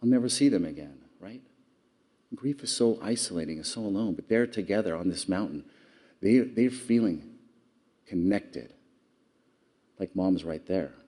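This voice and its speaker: Earnest low-voiced man giving a speech. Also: a little mellow. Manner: earnest storytelling, audience questions. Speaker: award speaker. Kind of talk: public speech.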